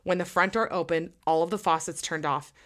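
A young woman with a low, dark-toned voice hosts a casual podcast. She chats with heavy use of "like" and reads listener stories aloud with growing excitement. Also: a little fast. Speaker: podcast host.

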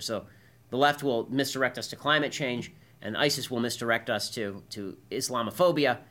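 A man's voice: mid-range voice, a bit bright. A man hosting a political commentary show, delivering a combative, emphatic monologue. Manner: combative, emphatic, keeps asking "right?".

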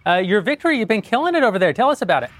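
A man's voice: high-pitched, sing-song, rapid-fire, fairly bright tone, a little hiss or hum. A man hosting a political podcast, reading a sponsor ad with wry jokes and frequent chuckles. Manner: wry, joking, chuckles often. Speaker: show host reading an ad. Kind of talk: casual podcast banter.

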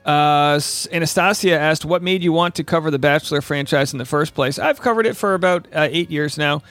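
A man's voice: a little high, a little fast, fairly bright tone. A man hosting a casual podcast, chatty and joking with many fillers. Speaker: podcast host. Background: faint Celtic music.

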